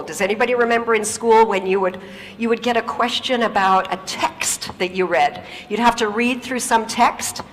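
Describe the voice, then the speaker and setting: A woman and native English speaker giving a lively, humorous talk on stage, often turning to the audience with questions. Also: a little high, in a large hall. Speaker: conference speaker. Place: large auditorium.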